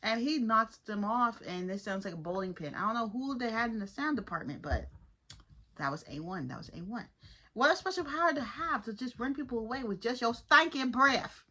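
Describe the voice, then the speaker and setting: Chatty bright-voiced woman reviewer. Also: on the high side, fairly quick. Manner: chatty, animated, addresses viewers as y'all. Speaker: episode reviewer. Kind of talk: casual commentary.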